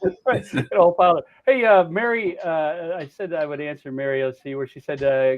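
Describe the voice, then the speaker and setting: A man's voice: fairly high pitch, normal speed, narrow, tinny audio. Blunt, profane older man ranting. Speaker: political commentator. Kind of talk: heated political chat.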